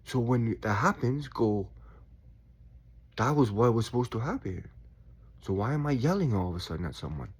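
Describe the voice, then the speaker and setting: A man in his forties talking in a calm, reflective way about staying chill, with sighs and quiet asides. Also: medium pitch, normal speed, pauses often, slightly rough. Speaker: spiritual vlogger. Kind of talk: casual reflective monologue.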